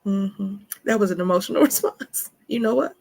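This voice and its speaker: A woman speaking gives an emphatic motivational talk on self-care. Her voice is gravelly and a little husky. She leans on words for emphasis and calls her listeners honey. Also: medium pitch, steady tone, fairly quick, darkish tone.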